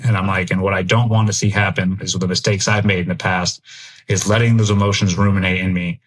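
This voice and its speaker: A man's voice: deep voice, fairly even intonation, fast, fairly bright tone. A middle-aged American man and military veteran, a podcast guest talking candidly and reflectively in an interview. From United States. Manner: earnest, reflective, thinks aloud.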